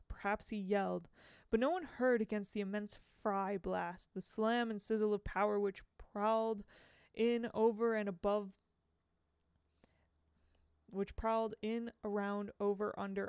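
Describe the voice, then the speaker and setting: A woman's voice: mid-range voice, fairly even intonation, measured pace, a little mellow, clear, resonant tone, no echo. Woman doing an audiobook reading, dramatic, dry close sound. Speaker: audiobook reader. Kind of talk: reading a novel aloud.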